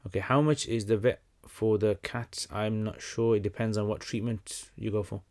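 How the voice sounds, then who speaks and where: A young man hosting a casual livestream Q&A, talking in a relaxed, conversational way with many fillers and restarts. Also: lowish voice, moderate pace. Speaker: livestream host answering questions.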